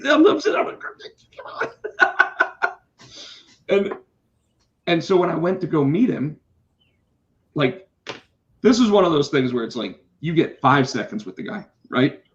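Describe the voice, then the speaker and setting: Animated storytelling man, lo-fi sound. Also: on the high side, a little slow, pauses often, slight background noise. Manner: animated, swears, acts out quotes. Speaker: podcast co-host, comic book artist. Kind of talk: casual storytelling chat. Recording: slightly dull lo-fi sound.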